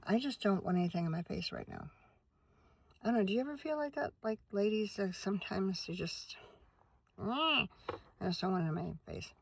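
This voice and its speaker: This woman, a minister who also vlogs, rambles chattily to camera from her van at night, breaking off to address her dog. Her medium-pitched voice is creaky, slightly rough and a little mellow, with no echo around it.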